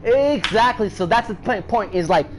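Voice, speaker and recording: A man's voice: sits high, expressive, moderate pace, slight background noise, low-quality recording. A man streaming a game who tells a long, profane story in casual slang, repeating himself and getting worked up as he goes. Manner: repeats himself and builds up heat. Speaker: gaming streamer. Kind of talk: casual storytelling while playing.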